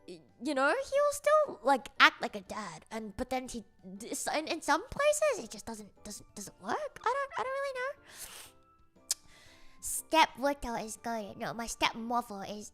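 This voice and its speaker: Bright, lively young woman telling stories. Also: a little high. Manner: giggly, rambling, full of fillers. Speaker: streamer. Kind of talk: casual storytelling chat.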